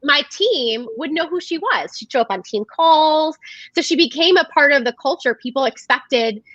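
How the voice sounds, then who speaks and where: A high, bright woman's voice chatting as a guest on a video call, lively in her storytelling. The sound is dull and lo-fi and very dry. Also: moderate pace, no echo. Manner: animated storyteller who acts out quoted dialogue. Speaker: podcast guest, direct sales coach. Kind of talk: casual interview chat.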